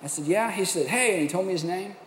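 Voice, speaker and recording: A middle-aged man preaches with an animated, self-mocking storytelling manner. His voice sits fairly high. The sound carries a long reverb from a large hall, with a faint hum of room noise behind him. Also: fast. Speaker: pastor. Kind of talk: sermon storytelling.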